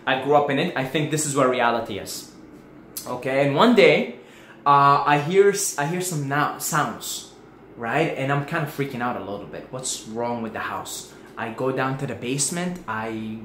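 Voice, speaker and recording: A man's voice: medium pitch, a bit bright. A man talking casually to his viewers from home as a spiritual video host, acting out his own panic as he tells a story. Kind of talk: casual spoken monologue. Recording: echoey room, faint background hiss.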